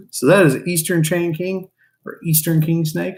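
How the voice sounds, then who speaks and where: A man's voice: a little high, flat delivery, normal speed, darkish tone, slight background noise. A man who keeps reptiles, chatting casually to his live-stream viewers and to his snakes as he works. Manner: chatty, talks to the animals and chat.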